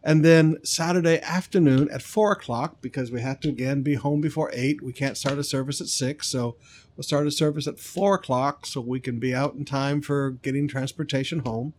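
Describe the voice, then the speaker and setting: A male pastor preaching a sermon, emphatic, drawing out key words slowly. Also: medium pitch, fairly even intonation, darkish tone, slight background noise.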